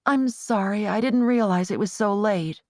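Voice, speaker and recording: A woman's voice: normal speed, no room sound, studio quality, natural voice. A woman voicing Cherish, upset and pleading. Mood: distressed. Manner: upset, pleading, raised in pitch. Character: headstrong young Amish woman grieving her lost bird.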